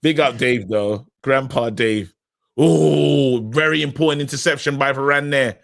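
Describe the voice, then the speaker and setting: A man co-hosting a live match watchalong, excitable, laughing often and putting on voices for players. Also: medium pitch, moderate pace, dry recording. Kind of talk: casual live match commentary.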